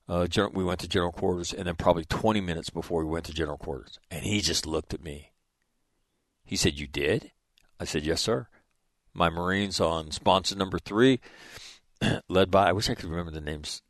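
Older male ex-officer, low voice, dry recording, rambling storyteller who keeps checking in with "right?". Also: no echo. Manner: rambling, profane, with frequent "right?" asides. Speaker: former Marine officer telling a story. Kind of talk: casual storytelling.

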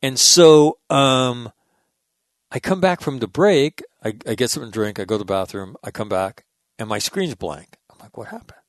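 A middle-aged man hosting, telling stories in a rambling, animated way with lots of restarts and casual swearing. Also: medium pitch, normal speed, no echo. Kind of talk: casual storytelling monologue.

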